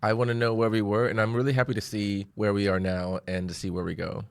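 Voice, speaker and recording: Podcast co-host, man, quick and reflective, close dry mic. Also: fairly low pitch, flat delivery, creaky, clean tone, dry recording. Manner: reflective, upbeat. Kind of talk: casual podcast chat.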